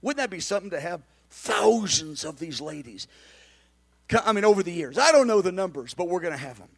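Man, high voice, sermon, animated, emphatic, conversational asides. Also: fairly quick, husky. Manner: animated, emphatic, sometimes shouting. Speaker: pastor.

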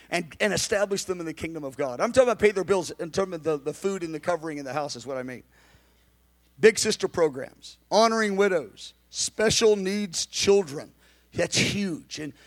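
Man, high voice, sermon, animated, emphatic, conversational asides. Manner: animated, emphatic, sometimes shouting. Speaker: pastor.

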